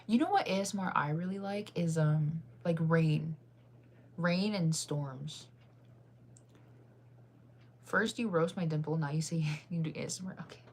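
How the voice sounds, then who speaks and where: Lowish-voiced woman streamer, giggly and chatty with chat, gets hyped fast. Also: slightly rough. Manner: chatty and giggly, quick to get excited. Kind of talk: casual livestream chat with viewers.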